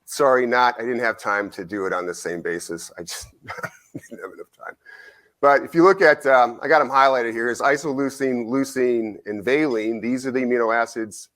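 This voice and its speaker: A middle-aged man giving a conference lecture. He tells an anecdote in an animated way, acts out both sides of the conversation and often asks "right?". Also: medium pitch, moderate pace. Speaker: nutrition researcher giving a conference talk. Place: lecture hall.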